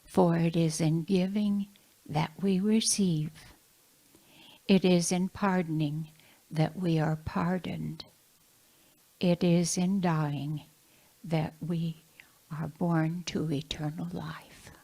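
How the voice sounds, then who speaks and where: Casting: woman reader, very slow and solemn, a little low-pitched. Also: fairly even intonation, vocal fry, mellow, rough recording. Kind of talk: reading a prayer aloud.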